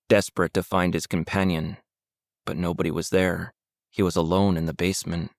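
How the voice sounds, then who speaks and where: A man narrating an audiobook in a steady, measured storytelling voice. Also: deep voice, dry recording, clean studio sound. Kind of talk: scripted narration.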